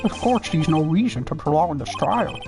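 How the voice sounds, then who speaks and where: A fan voice actor playing a stern older male judge who presides over court, delivering formal, measured pronouncements. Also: medium pitch, lively intonation, close to an everyday voice. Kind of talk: fan dub of a game scene. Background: background music.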